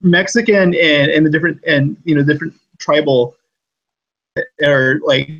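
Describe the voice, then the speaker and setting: Podcast co-host, man, husky, a bit high, loose tangent-prone delivery. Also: moderate pace, muffled recording. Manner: rambling, many fillers, animated tangents. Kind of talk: casual chat.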